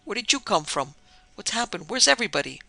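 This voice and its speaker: A man's voice: high-pitched, animated, normal speed, gravelly, sharp tone, voice pushed up, heavily acted, poor audio. A man playing a hard-boiled tough reporter. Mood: urgent. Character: tough, blunt male investigative reporter.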